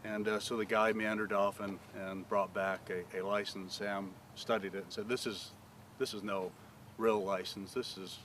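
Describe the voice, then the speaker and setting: A pastor telling a story outdoors, acting out the voices of the people in it. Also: male voice, lowish voice, moderate pace, slight background noise. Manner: animated storyteller acting out quoted dialogue. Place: outdoors on a paved property.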